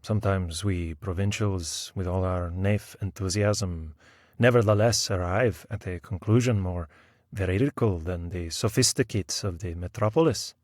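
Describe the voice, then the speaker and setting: A man playing a self-assured provincial attorney who speaks slowly and formally. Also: fairly low pitch, breathy edge, no room sound, studio quality. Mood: calm.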